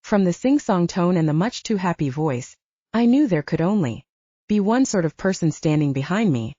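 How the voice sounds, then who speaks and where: A woman narrating a first-person audiobook in an animated storytelling manner. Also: on the low side, moderate pace, dry recording. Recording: dull lo-fi dry recording.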